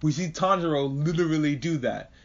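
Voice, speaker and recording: A man giving a casual spoken anime review, excitable and profane, gushing over what he watched. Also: a little high, fairly quick. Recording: dull lo-fi recording.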